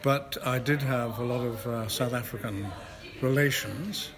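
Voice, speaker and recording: A man's voice: medium pitch, a little slow, a crowd in the background. An older Scottish man, an actor being interviewed, telling stories with self-deprecating chuckles. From Scotland. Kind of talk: casual interview chat. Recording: noisy ambient background.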